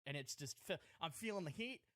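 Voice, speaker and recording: A man's voice: on the high side, animated, brisk, sharp tone, no room sound. A man on a podcast telling a self-mocking comic story, rambling and breaking into laughter. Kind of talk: casual comedic storytelling.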